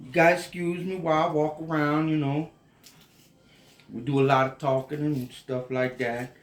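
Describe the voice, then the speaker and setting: A man's voice: a little high, little pitch movement, moderate pace, reverberant. A tipsy man with a Louisiana Cajun accent, cooking and rambling in a folksy, drawling way for a casual cooking vlog. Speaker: home cook.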